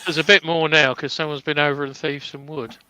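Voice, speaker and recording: A man hosting a casual woodturning livestream, relaxed and full of puns and fillers. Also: on the high side, brisk, smooth, no echo, low-quality recording. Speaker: livestream host.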